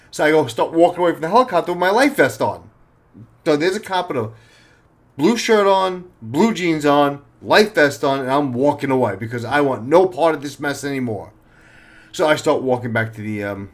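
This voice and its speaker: Animated New ex-cop storyteller. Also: male voice, medium pitch. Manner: animated, swears freely, acts out his own panic. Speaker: podcast host, former police officer. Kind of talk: casual storytelling.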